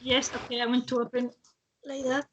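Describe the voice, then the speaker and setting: A woman hosting an online webinar in a casual way. She talks haltingly, with many fillers and restarts, and laughs often between phrases, over a video call. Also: high-pitched, flat delivery, breathy edge, lo-fi sound. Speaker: webinar host.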